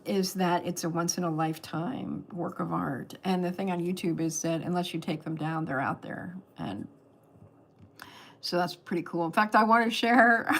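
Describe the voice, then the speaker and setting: A woman's voice: mid-range voice, a bit bright. Older lady from california rambling on her livestream, chatty, giggles a lot, webcam sound. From California, USA. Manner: chatty, rambling, laughs often. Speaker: host of a livestream. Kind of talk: casual livestream chat.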